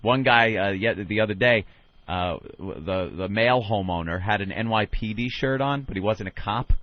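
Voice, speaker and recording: A man co-hosting a talk radio show, telling stories in an animated, profane way from a studio microphone. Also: fairly low pitch, normal speed, dry recording. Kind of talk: casual talk radio banter. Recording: dull, lo-fi dry studio sound.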